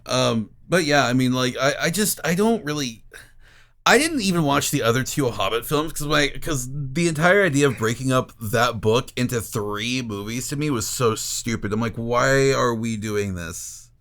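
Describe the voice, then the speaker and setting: Animated swearing podcast guy. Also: medium pitch, normal speed. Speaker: podcast co-host. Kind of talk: casual chat.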